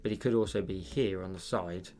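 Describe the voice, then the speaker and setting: A man chatting casually on a livestream while he paints, rambling and thinking out loud with many fillers. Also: low voice, a little fast.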